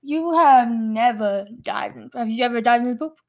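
A woman's voice: a little high, moderate pace, darkish tone. A woman playing a rambling, silly charity founder in an improvised comedy sketch, dragging out her words.

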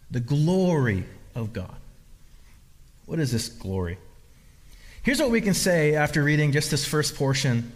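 A man preaching a sermon as pastor, emphatic and repetitive, often restarting his phrases. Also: fairly high pitch. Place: church hall. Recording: long reverb of a large hall.

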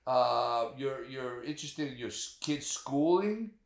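A man holding forth on a casual podcast, his pitch swinging up and down as he presses rhetorical questions and swears for emphasis. His voice sits in the middle range and bounces around an echoey room. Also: unhurried, vocal fry. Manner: animated, profane, rhetorical questions. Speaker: podcast co-host. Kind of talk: casual political chat.

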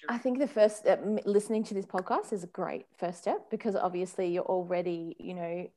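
Lively woman guest, chatty and laughing. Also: on the low side, a little fast. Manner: animated, laughs often, acts out voices in quotes. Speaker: podcast guest, parenting consultant. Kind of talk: casual conversational chat.

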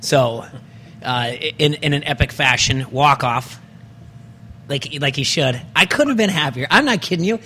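A man hosting a casual sports podcast who gets excitable, stumbles over his words and restarts his sentences. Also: mid-range voice, moderate pace, slight background noise. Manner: excitable, hype-style intros, stumbles and restarts. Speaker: podcast host.

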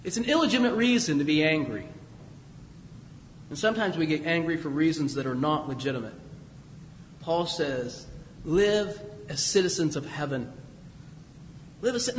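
A man's voice: high-pitched, roomy sound, in a large hall, slight background noise, rough recording. A man preaching a sermon in a conversational way, with emphatic rises and asides. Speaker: pastor.

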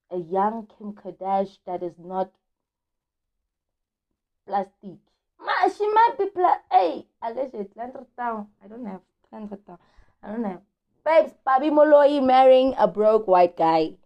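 A woman's voice: mid-range voice, lo-fi sound. A woman hosting a podcast, chatting casually about celebrity gossip in a slangy, chatty way and stretching words out for emphasis. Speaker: podcast host.

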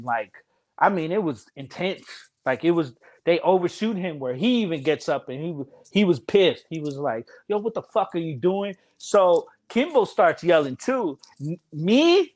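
Man, loud animated storyteller, slightly high voice, casual podcast chat, laughs a lot. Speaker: podcast guest telling stories.

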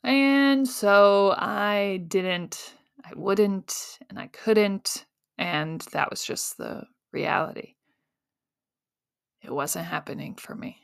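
A woman's voice: medium pitch, slow pace, creaky, clear, resonant tone, no echo, studio quality. A woman hosting a solo podcast, telling her story in a candid, self-mocking way with casual fillers. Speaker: podcast host.

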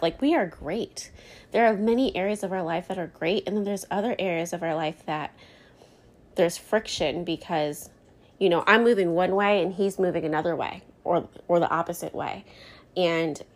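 Candid woman podcaster, low, near tears. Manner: candid, rambling, many fillers like "you know" and "like". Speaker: podcast host. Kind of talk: candid solo podcast talk.

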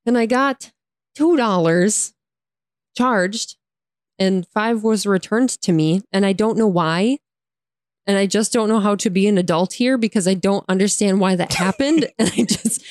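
A woman's voice: mid-range voice, moderate pace, darkish tone, dry recording, studio quality. A young woman telling a frustrating story in a casual storytime rant, exasperated, often breaking into laughter and swearing, with lots of "like". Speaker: vlogger.

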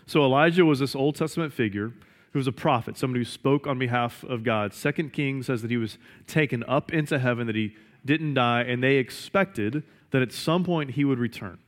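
A man preaching a sermon, reading scripture aloud, explaining it and asking his listeners rhetorical questions. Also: medium pitch. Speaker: pastor.

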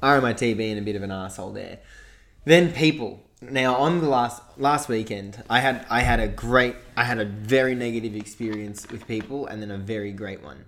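A young man with an Australian accent, animated and laughing as he tells a story in a casual podcast chat. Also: mid-range voice, normal speed. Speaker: podcast co-host.

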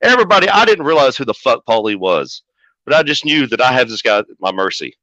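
Profane storytelling wrestling manager, bright voice. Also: male voice, medium pitch, very animated, quick pace, no echo. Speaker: wrestling manager, podcast guest. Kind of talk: casual storytelling. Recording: dull lo-fi audio.

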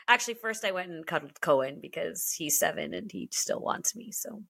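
A woman's voice: fairly low pitch, animated, a little fast, gravelly, hardly any pauses, a bit bright, breathy edge. A woman in her thirties, a podcast co-host, chatting candidly and emotionally and swearing freely. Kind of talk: casual chat.

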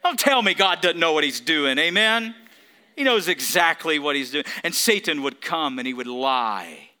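Preacher guy, high bright voice, punchy and emphatic, asks the crowd for amens. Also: animated, moderate pace, smooth. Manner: emphatic preaching with call-and-response. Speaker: pastor. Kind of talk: sermon.

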